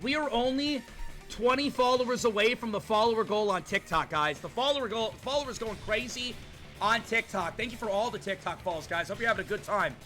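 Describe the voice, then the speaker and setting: An excitable young man with a strikingly high, bright voice streams a game live, hyping up his chat and yelling in disbelief. Game music plays softly behind him. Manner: hyped, shouting at chat, rapid exclamations.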